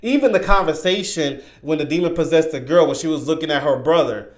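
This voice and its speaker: A man giving an excited, rambling horror movie review, often repeating himself. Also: a little high, brisk. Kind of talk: casual spoken review. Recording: roomy echo.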